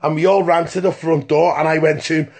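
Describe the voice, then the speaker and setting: A man's voice: a little high, little pitch movement, fairly quick, darkish tone. A man telling a rambling, profane story in a phone voice message, stopping often to ask "right?". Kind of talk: casual voice-note anecdote.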